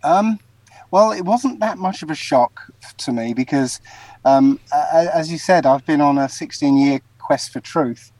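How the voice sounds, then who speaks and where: A man talks as a guest from inside his car, easygoing and laughing lightly between thoughts. His voice is a touch higher than average and mellow, and the sound is dry and close. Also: a little slow, dry recording, rough recording. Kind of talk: casual interview.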